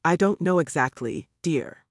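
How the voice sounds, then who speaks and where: A pious old great-aunt frets and scolds in a flurry of worried questions, as a man reads her part. The voice sits a little high for a man and sounds dry and close. It comes through plainly as an audiobook character. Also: expressive, unhurried, gravelly, no room sound, full character voice. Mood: dismissive. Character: fretful devout elderly great-aunt woman.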